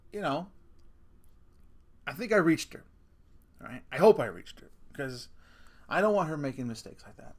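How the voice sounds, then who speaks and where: A middle-aged man telling family stories in a casual rant, swearing freely and laughing at his own punchlines. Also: a little high. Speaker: vlogger.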